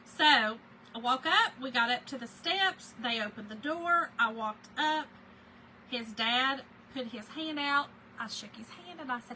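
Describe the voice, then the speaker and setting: A woman with a Southern US accent, hosting a craft livestream and telling a story in a chatty, animated way while she works, often laughing and talking to her viewers. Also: sits high, measured pace, a little hiss or hum, low-quality recording.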